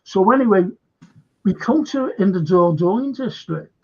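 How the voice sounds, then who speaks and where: A man's voice: high-pitched, animated, unhurried, darkish tone. An older man hosting a show, telling a rambling story in casual chat and repeating himself. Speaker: host. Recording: dull lo-fi stream audio.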